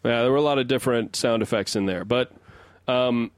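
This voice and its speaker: A man in casual podcast talk, working out a long theory out loud, stopping and restarting his sentences as he goes. His voice is captured close and dry, with no room sound, at an ordinary middle pitch. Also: fairly quick, no echo. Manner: rambling, restarts sentences while building an argument. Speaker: podcast co-host and resident song analyst.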